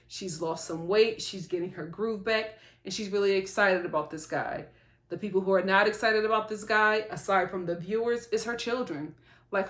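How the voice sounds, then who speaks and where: A woman giving a casual, animated vlog review of a reality show, sympathetic and chatty. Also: medium pitch, roomy sound.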